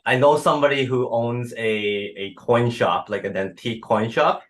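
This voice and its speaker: A man's voice: mid-range voice, normal speed, a bit bright. A man hosting an interview show, talking hesitantly, repeating words and ending points with "right?". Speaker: podcast host. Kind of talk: conversational interview.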